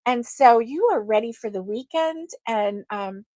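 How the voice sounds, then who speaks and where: A woman hosting a casual crochet livestream, chatting slowly with lots of ums and greeting viewers by name. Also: a little high, lively intonation, dark tone, no room sound. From United States.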